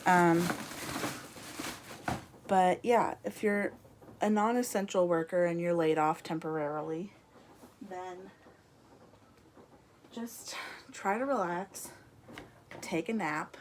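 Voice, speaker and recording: Slow-talking young woman, chatty vlog. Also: fairly low pitch, slight background noise. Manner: rambling, chatty, laughs often. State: a little out of breath. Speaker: vlogger. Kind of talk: casual chat to camera. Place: her room at home.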